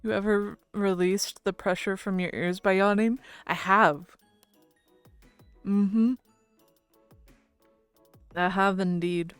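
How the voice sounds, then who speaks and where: Female streamer, relaxed slow chatter, laughs a lot, casual cursing. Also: medium pitch, clean tone, dry recording, faint music behind. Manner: giggly, chatty, swears casually. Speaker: VTuber streamer. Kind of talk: casual stream chat with viewers.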